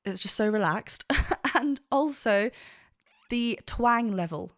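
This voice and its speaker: A woman's voice: on the high side, lively intonation, slow, dry recording, clean studio sound. A woman vocal coach giving an enthusiastic, technical reaction and analysis, with frequent fillers.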